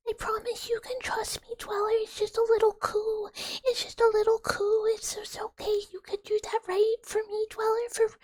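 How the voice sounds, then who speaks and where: A woman voicing a small scheming female mouse who pleads sweetly for favors, in a breathy, whispered role-play. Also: very high-pitched, a little mellow, dry recording, voice pushed up. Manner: wheedling, whining, begging for favors.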